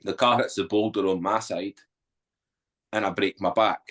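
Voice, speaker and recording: Man, deepish voice, candid guest telling a story with lots of swearing. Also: normal speed. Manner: blunt, swears freely, animated retelling. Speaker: podcast guest.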